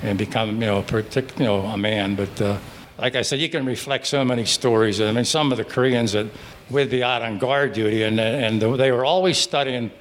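An older man from Pittsburgh telling his service stories at a live breakfast gathering in a restaurant, in a halting, rambling way with many restarts. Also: medium pitch, slight background noise. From Pittsburgh, Pennsylvania. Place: restaurant dining room.

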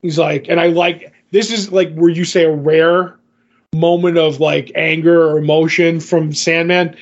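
A man's voice: fairly high pitch, little pitch movement, unhurried, muffled recording. A man co-hosting a podcast, recapping a comic in casual chat, rambling with lots of fillers and restarts. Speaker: podcast co-host.

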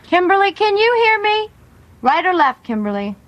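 A woman in a TV drama shouting through a locked vault door. She talks very high, and her voice leaps up and down as she calls out with urgency. The sound is dry and close. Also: big pitch swings, normal speed, no room sound, highs cut off. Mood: urgent. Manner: urgent, calling out. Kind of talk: television drama acting.

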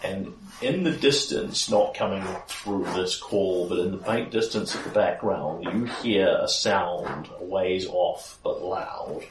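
A man's voice: low voice, takes it slowly, few pauses. A man narrating a tabletop game as game master, with vivid, descriptive storytelling. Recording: roomy, distant mic, faint noise.

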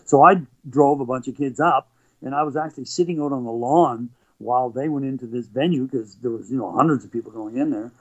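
Brisk and mid-range in voice, this middle-aged Canadian guest, once an athlete and now a motivational speaker, rambles through lively anecdotes. He often restarts and laughs along the way, and the recording is dull and lo-fi.

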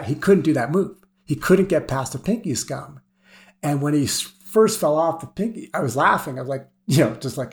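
A man, a guest on a climbing podcast, telling stories in a casual and animated way, laughing now and then. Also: on the high side, brisk. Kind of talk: casual storytelling.

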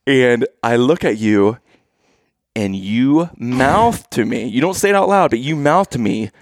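A man's voice: mid-range voice, animated, a little slow, dry recording, studio quality. A man in his thirties telling a playful, teasing family story to his listeners. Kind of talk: casual storytelling to camera.

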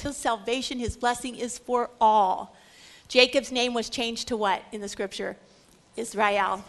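High-voiced woman giving a dramatic Bible lecture. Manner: dramatic, shifts between loud exclaiming and hushed whispers. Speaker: Bible teacher. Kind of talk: animated lecture.

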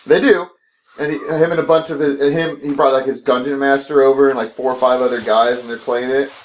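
A man chatting casually, telling a crude story in a lively way with laughter. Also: mid-range voice, a little fast, slight background noise. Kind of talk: casual chat.

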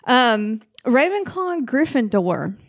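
A woman co-hosting a podcast in casual chat, animated and jokey, swearing freely. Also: a little high, slow pace. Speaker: podcast co-host.

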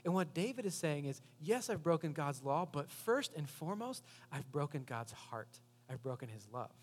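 A man's voice: fairly high pitch, very animated, moderate pace, slightly rough. Man preaching in an echoing hall. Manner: earnest, conversational preaching with rhetorical questions. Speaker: pastor. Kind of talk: sermon. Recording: long hall reverb.

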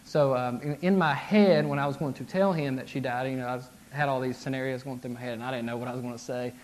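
A man's voice: mid-range voice, fairly even intonation, fast talker. A man in his thirties giving a casual sermon, talking conversationally with frequent asides and restarts. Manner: conversational, frequent "right?" and "like", restarts, acted-out inner voices. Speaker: pastor.

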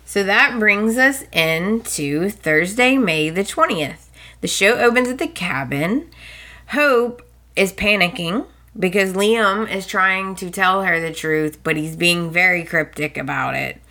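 A woman's voice: medium pitch, slow pace, bright, forceful tone. A woman hosting a podcast, recapping soap opera episodes in a casual, chatty way, laughing often and briefly acting out the characters' lines.

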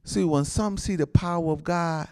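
A man preaching as a pastor, animated and laughing often, with frequent amens. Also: fairly high pitch, moderate pace. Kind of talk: sermon.

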